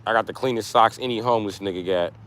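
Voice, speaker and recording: A middle-aged man livestreaming, talking casually to his chat and loudly roasting viewers with heavy profanity. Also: on the low side, fast, very noisy. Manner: profane, loud trash-talking and roasting of chatters.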